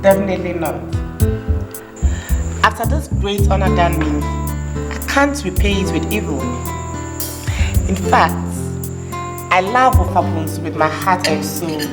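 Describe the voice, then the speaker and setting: An actress playing a loyal, earnest caretaker with a Ghanaian accent in a Ghanaian film drama. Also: female voice, on the low side, measured pace, long pauses, over loud music, close to an everyday voice. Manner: earnest, promising.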